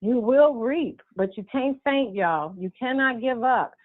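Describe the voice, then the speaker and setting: A woman's voice: fairly high pitch, animated, measured pace. A woman minister encouraging listeners in a sermon-like, repetitive, exhorting cadence. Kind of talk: preaching-style encouragement. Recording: tinny phone line.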